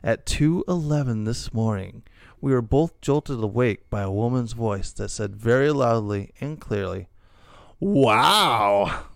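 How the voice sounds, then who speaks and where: Gravelly middle-aged man reading aloud. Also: medium pitch, unhurried, a little mellow, no room sound, clean studio sound. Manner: laughs often, jokey asides. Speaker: podcast host reading stories. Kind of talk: casual chat reading posts aloud.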